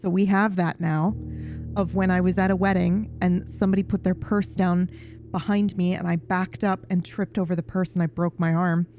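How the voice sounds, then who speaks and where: A woman streamer chatting casually with her viewers, telling a rambling, animated story full of swearing. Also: fairly low pitch, normal speed, soft background music. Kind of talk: casual chat with viewers while gaming.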